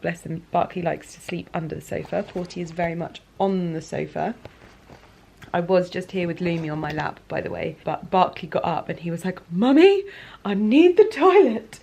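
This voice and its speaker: A woman's voice: on the low side, creaky, husky. A woman in her thirties chatting reflectively to camera from her living room sofa at night, confiding and full of fillers. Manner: soft, confiding, many "like" fillers. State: emotional, near tears. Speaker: lifestyle vlogger. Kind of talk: casual reflective chat.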